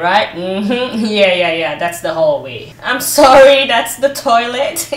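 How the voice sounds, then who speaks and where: A woman's voice: high voice, fairly bright tone. A Nigerian woman hosting a satirical comedy commentary show, sarcastic and laughing often between remarks. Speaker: show host.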